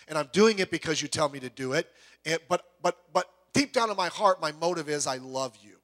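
Talking fairly quickly, a pastor preaches an animated sermon, stumbling over restarts and acting out quotes. He swings between loud bursts and soft, low asides.

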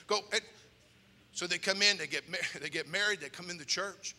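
Animated high-voiced preacher in a church. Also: male voice, fairly quick. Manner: animated, acts out voices and shouts. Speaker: pastor. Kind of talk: storytelling sermon. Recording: long reverb of a church hall.

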